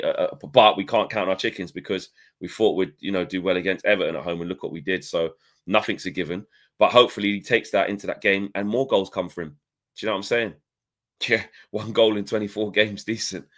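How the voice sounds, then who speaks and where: A man's voice: low voice, fairly bright tone. Rambling man on a fan podcast. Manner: rambling, full of "you know" asides. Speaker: football podcast co-host. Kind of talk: casual football chat.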